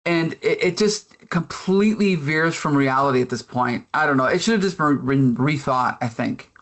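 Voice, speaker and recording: A man's voice: fairly high pitch, normal speed, a bit bright. Opinionated man arguing a comic take. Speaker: comic book podcast co-host. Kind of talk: casual review chat.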